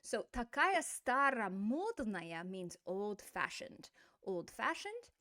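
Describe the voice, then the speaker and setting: A middle-aged woman teaching an online language lesson, explaining in a playful, animated way with quick asides. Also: medium pitch, no room sound, studio quality.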